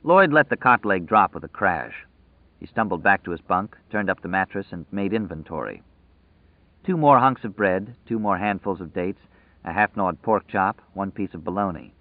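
A man narrating an audiobook in a measured, dramatic storytelling manner. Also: deep voice, lively intonation, no room sound. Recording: dry tinny phone-like sound.

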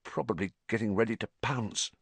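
A man voicing an excitable, easily frightened teenage boy wizard in a high, breaking voice. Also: normal speed, husky, dry recording, heavily acted. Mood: panicky. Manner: panicky, then giddy and delighted. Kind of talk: audiobook character voice.

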